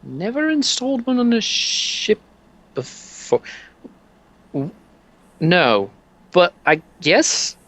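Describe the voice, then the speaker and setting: A man's voice: high voice, big pitch swings, takes it slowly, pauses often, fairly bright tone, voice pushed up, exaggerated voice. A man voicing a blunt, matter-of-fact male clerk at a fence shop, in a near-everyday voice.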